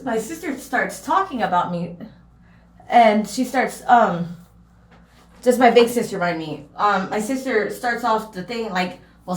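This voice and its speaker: Young woman rambling through a story, lots of ums, kinda high voice, echoey room. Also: slight background noise. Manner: rambling with many fillers and restarts. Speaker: vlogger. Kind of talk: casual storytime vlog.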